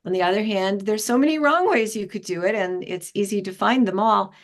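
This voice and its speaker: Older woman, interview guest, animated storyteller, mimics people she quotes. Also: brisk. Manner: lively storytelling, acts out quoted voices with pitch jumps. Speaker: interview guest, retired founding director. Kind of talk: conversational interview.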